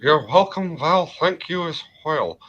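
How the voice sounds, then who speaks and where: A man doing an impression of a middle-aged cartoon propane salesman, reading chat messages in a slow twang. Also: a little high, expressive, fairly bright tone, lo-fi sound, voice pushed up. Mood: folksy. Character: drawling middle-aged male propane-selling cartoon dad.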